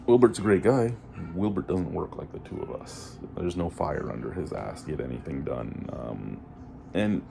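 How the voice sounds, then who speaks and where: Deep raspy dude ranting on his vlog, swears a lot, gets real loud, dark mellow tone. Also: a little hiss or hum. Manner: ranting, swears freely, rising to near-shouting. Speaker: vlogger and store worker. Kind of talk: frustrated venting monologue.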